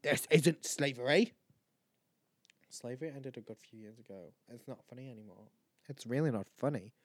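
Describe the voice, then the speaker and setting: A man's voice: mid-range voice, fast, mellow, no echo. A tired, tipsy man rambling and swearing as he hosts his own chat show. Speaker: podcast host. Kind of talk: casual solo chat.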